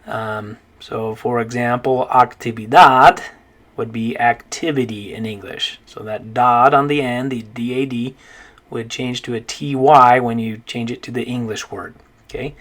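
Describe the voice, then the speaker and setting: A man teaching a recorded pronunciation lesson, patient, slowly repeating each word and checking in with "okay?". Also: mid-range voice. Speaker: Spanish teacher.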